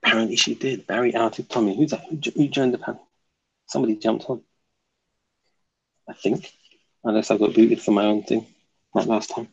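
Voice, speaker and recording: A man's voice: on the low side, fairly even intonation, brisk, vocal fry, pauses often, breathy edge, dull audio. A man hosting a casual live stream, reading viewer comments aloud and answering them, often laughing. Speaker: livestream host reading chat.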